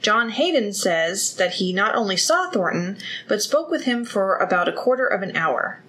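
A woman's voice: medium pitch, sing-song, moderate pace, fairly bright tone, poor audio. A woman hosting a podcast, telling a true-crime case in a chatty way and breaking off for jokes. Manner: chatty, reads case notes then riffs with jokes. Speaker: podcast host. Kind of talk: casual true-crime storytelling.

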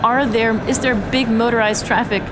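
A woman's voice: fairly high pitch, fairly even intonation, normal speed. A woman speaking earnestly as an interview guest, telling stories and restarting phrases as she talks outdoors on a city street. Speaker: interview guest, urban mobility advocate. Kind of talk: conversational interview. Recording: loud traffic noise outdoors.

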